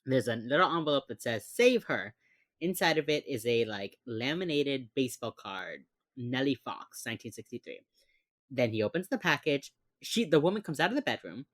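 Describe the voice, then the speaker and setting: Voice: mid-range voice, normal speed, no echo, studio quality. A podcast co-host in casual chat, retelling a TV episode scene by scene and acting out the characters' lines. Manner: animated storyteller who acts out the characters' lines.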